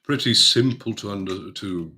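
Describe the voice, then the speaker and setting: A man co-hosting a casual podcast, explaining his points haltingly and restarting his sentences often. His voice is very low but has a bright, forward edge. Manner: hesitant, many restarts, explains at length. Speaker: podcast co-host. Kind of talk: casual chat.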